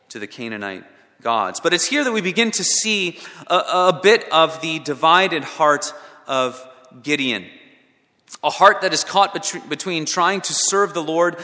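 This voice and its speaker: Male preacher, sermon delivery, slightly high and bright, dynamic swings from loud to hushed, church reverb. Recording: long reverb of a large hall.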